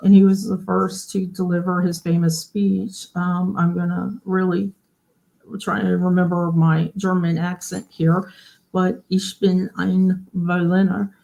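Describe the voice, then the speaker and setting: A woman's voice: on the low side, little pitch movement, measured pace, vocal fry, mellow. A woman hosting a casual livestream. She explains things in a chatty way and often asks her viewers questions. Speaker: host of a genealogy livestream.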